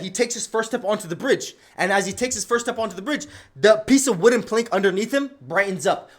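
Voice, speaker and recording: A young man livestreaming, giving casual slang-heavy advice to his chat and telling stories. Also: high-pitched. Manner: slangy, animated, storytelling with asides.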